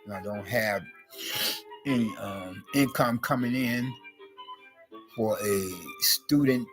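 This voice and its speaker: A man's voice: mid-range voice, slow, music in the background. A man vlogging in a rambling monologue, with theatrical mock sobbing.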